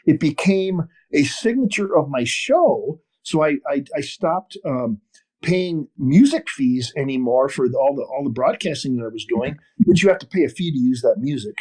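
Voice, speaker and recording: An older man from northern Wisconsin telling a long story in an interview, animated and full of restarts. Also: mid-range voice, normal speed, husky. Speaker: podcast guest, fishing TV host. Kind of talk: storytelling interview over a call.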